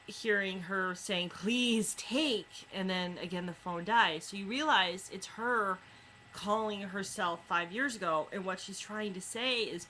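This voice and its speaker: Bright-voiced woman reviewing books. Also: fairly low pitch, slight background noise, rough recording. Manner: chatty retelling with many fillers. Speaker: book reviewer. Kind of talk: casual book review.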